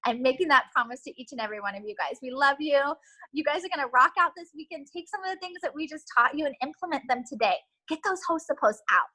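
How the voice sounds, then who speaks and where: A woman's voice: high voice, lively intonation, fast, bright, forceful tone, poor audio. A woman giving an earnest, emotional motivational pep talk to new team members over a video call, with many ums. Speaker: team leader giving a training.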